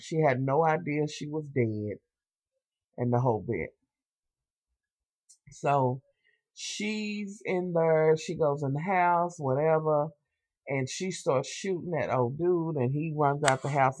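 A young man reviews TV, animatedly recapping an episode in casual slang, swearing freely and making sassy asides straight to his viewers. His voice is medium in pitch on a dry recording.

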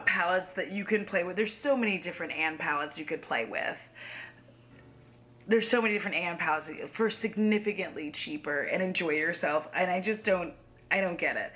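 Young woman, bright sharp tone, blunt sassy makeup chat, casual swearing. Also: mid-range voice. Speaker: beauty YouTuber. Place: home.

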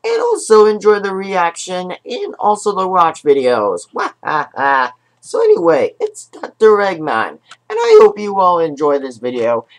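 Woman hosting a casual watch-along with giggly, rambling patter and a voice that cracks into squeaky highs and swoops all over. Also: wildly swooping pitch, unhurried, hardly any pauses. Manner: rambling, giggly, keeps saying "so anyway"; voice jumps suddenly into a squeaky high register. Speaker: channel host.

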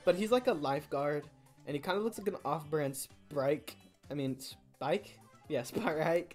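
Playful young woman with a low voice. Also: unhurried, darkish tone, soft background music. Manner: playful, jokey and self-mocking. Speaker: gaming channel host. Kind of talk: casual gameplay commentary.

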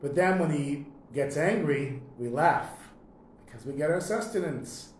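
A man teaching a lesson, telling a long story in a relaxed, conversational way and often clearing his throat. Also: fairly high pitch, unhurried. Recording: echoey room, faint noise.

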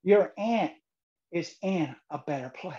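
A man's voice: fairly high pitch, expressive, takes it slowly, dark tone, muffled recording. A man voicing a kindly Southern pastor who consoles a grieving church member. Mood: consoling.

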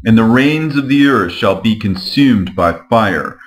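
Low-voiced guy doing a slow grave scripture reading, measured and solemn. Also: expressive. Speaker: scripture reader.

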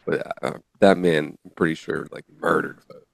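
A man's voice: very deep voice, fairly even intonation, moderate pace, creaky, no echo. A man co-hosting a casual podcast chat, who laughs often and reads articles aloud. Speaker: podcast co-host.

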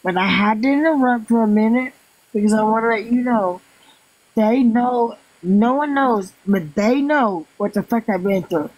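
Older Southern woman, livestream host, blunt and rambling, high-ish voice, dry close sound. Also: moderate pace, a little mellow, no echo, muffled recording. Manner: blunt, rambling, repeats herself. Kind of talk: casual livestream chat.

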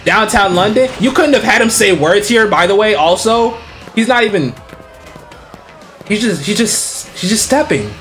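Male streamer, high-ish voice that swings wildly, cusses a lot and roasts the game. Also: normal speed, faint music behind. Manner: excitable, profane, mocking the game. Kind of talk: let's play commentary.

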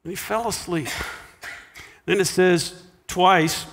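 A man preaching a sermon as pastor, animated, dropping to a hush for quiet lines. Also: high voice, slow pace, in a large hall, slight background noise. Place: church sanctuary.

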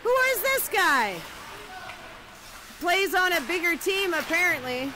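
High voiced lady yelling for the players, slow talker, lots of rink noise. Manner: teasing, excitable, cheers players by name. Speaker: spectator. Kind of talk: sideline cheering and commentary.

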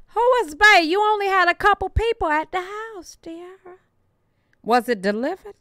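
A woman's voice: very high-pitched, expressive, normal speed, bright, forceful tone, dry recording. A woman hosting a reaction video, chatting casually and gossiping, often asking "you get what I'm saying". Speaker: reaction channel host.

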